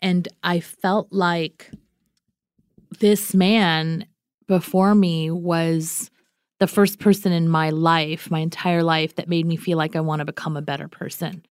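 A woman's voice: lowish voice, fairly even intonation, measured pace, clean tone, no room sound, studio quality. A woman guest telling, in an earnest reflective way, how she met and married her husband. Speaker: interview guest, wife. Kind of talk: reflective storytelling.

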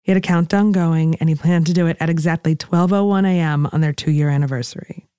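A woman narrating a podcast in a measured, wry scripted style. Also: low-pitched, fairly even intonation, dark tone, clear, resonant tone, dry recording, studio quality.

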